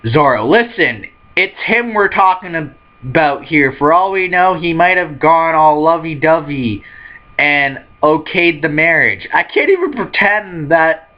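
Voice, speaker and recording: A man hosting a manga reaction video, excitable, laughing often and reading characters' lines aloud in quick put-on voices. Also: on the high side, lo-fi sound. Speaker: manga reaction channel host. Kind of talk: live manga chapter reaction.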